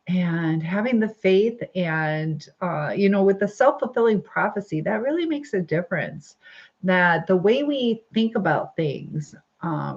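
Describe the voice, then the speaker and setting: A woman's voice: mid-range voice, a little mellow, highs cut off. A woman hosting a casual livestream, reading viewer comments aloud in a chatty, upbeat way, laughing often and using lots of fillers. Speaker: livestream host. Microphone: phone or webcam livestream.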